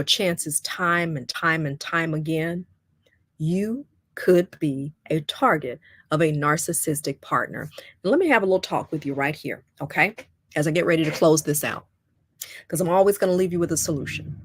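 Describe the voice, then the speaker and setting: A woman's voice: low-pitched, a little hiss or hum. A middle-aged woman hosting a livestream talk on relationships, speaking conversationally and emphatically, often checking in with "okay?". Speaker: host.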